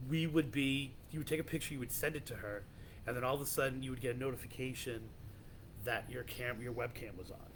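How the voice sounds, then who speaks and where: A man's voice: medium pitch, steady tone, quick pace, slight background noise. A man hosting a podcast, casually telling a creepy legend in a loose, rambling way with many restarts. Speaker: podcast host.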